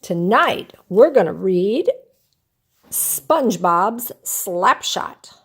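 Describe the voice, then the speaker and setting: A woman's voice: medium pitch, extremely slow, husky. Older woman reading a bedtime storybook. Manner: gentle, expressive read-aloud delivery. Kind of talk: reading a picture book aloud.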